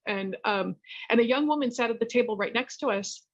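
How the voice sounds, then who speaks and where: A middle-aged woman from California sharing her personal recovery story at a meeting, candid and rambling, lively when she tells a story. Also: on the high side, moderate pace, dry recording, muffled recording. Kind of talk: personal testimony talk.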